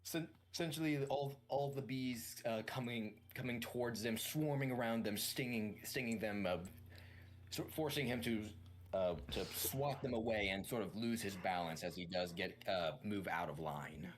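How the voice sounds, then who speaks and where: A man's voice: fairly low pitch, moderate pace. A man playing a tabletop game, describing his turn in a hesitant way with many restarts. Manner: hesitant, full of restarts, lively. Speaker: player. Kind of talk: casual tabletop play.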